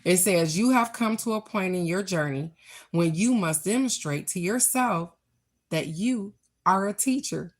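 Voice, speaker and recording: Woman card reader, slow and deliberate delivery, earnest and affirming, talking straight to her viewers. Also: lowish voice. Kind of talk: reflective spiritual talk to viewers.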